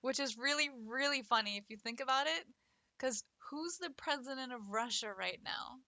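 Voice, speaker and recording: A young adult woman speaks at a moderate pace in a high, pushed, bright voice, with no room sound. She's an art streamer chatting casually with viewers on a livestream, playful and teasing and laughing often.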